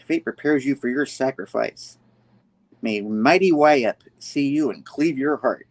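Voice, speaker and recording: A man's voice: mid-range voice, a little slow. A man voicing a pompous male comic-book villain who chants solemn prophecies of doom. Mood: grandiose. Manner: grandiose, solemn proclamations.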